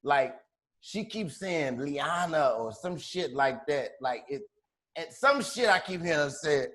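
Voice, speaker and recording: A man casually telling a long story on a podcast, profane and animated, acting out the other people's voices as he goes. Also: a little high, measured pace. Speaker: podcast co-host.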